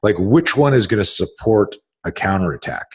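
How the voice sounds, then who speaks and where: A man's voice: fairly low pitch, animated, normal speed. A man hosting a podcast as a self-defense instructor, talking in an emphatic, profane, casual way with many restarts.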